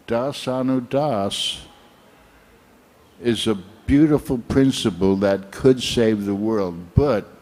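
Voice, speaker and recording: Older man giving a slow sermon. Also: mid-range voice, dark tone. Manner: slow, reflective storytelling. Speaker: speaker at a temple program.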